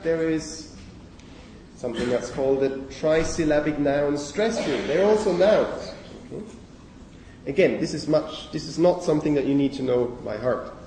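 A man giving a university lecture on phonology in a lecture hall, speaking haltingly with many fillers and self-corrections. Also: on the high side, animated, mellow, a little hiss or hum. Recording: echoey lecture hall from far off.

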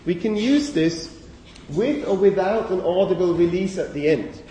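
With a high-pitched, expressive, warm voice, a man lectures at a university at a moderate pace and with few pauses. He's thinking aloud, often saying okay, using fillers, and correcting himself. The sound comes from far off in an echoey lecture hall, carrying a little hiss or hum.

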